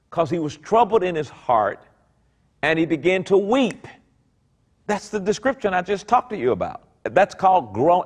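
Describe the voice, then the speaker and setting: A middle-aged pastor preaching a sermon, reading scripture aloud and commenting on it, swinging between low murmurs and high exclaims. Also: male voice.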